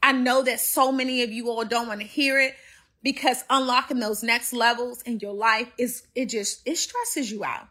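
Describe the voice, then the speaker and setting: A woman's voice: fairly high pitch, fairly even intonation, normal speed, bright, forceful tone. A woman hosting a motivational livestream, talking straight to her listeners in a preachy, repetitive way. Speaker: host of a motivational show.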